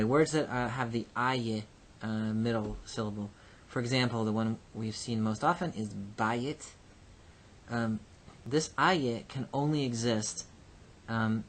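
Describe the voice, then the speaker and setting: A man teaching a recorded Hebrew grammar lesson. He explains patiently and slowly, with frequent ums and uhs. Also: medium pitch, a little hiss or hum. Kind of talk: recorded lecture.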